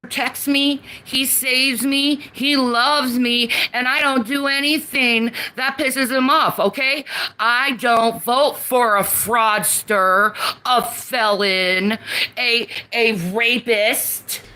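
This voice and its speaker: A woman's voice: on the high side, steady tone, slow, pushed and bright. A woman in a played clip, ranting angrily and profanely in a heated, scolding way. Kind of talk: angry political rant.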